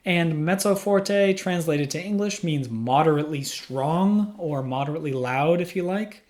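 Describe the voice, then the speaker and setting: Speaking into a studio microphone, this male music teacher works through an instructional explanation in a small room, patiently asking questions and answering each one in turn. His voice is on the high side and a little mellow, expressive, at a moderate pace.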